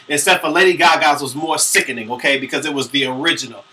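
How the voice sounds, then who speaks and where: A man's voice: medium pitch, fast talker, hardly any pauses, pushed and bright, recorded from a distance. A man vlogging a brash, profane celebrity gossip rant. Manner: sassy, brash, dramatic.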